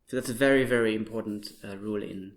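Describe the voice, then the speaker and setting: A man's voice: on the low side, fast talker. A man whose first language is German, a linguistics researcher, explaining pronunciation step by step and demonstrating sounds. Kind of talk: explanatory interview talk.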